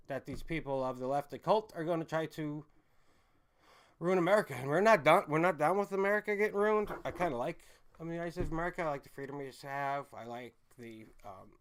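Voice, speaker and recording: A man hosting a casual livestream, rambling and swearing as he reads chat comments aloud, with loud outbursts that drop to low mutters. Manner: swings from loud emphatic bursts to low mumbles. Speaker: livestream host.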